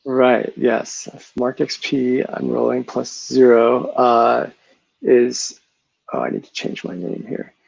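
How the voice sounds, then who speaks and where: A man playing a tabletop game, speaking slowly and hesitantly. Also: medium pitch, gravelly, darkish tone, no echo. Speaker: player. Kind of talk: casual tabletop play. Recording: dull lo-fi mic.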